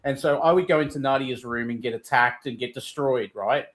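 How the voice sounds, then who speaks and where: A man chatting casually on a stream, telling stories in an animated way with lots of laughter and fillers. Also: medium pitch, brisk. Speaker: streamer in group chat. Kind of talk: casual chat.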